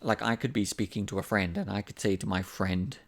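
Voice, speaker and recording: A man's voice: lowish voice, brisk. A man teaching an English lesson in a casual, patient way, repeating examples to explain them. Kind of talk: language lesson.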